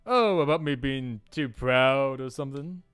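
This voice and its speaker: A man voicing a calm, proud young woman knight in a game, speaking steadily and reassuringly. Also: medium pitch, unhurried, clean tone, soft background music, natural voice.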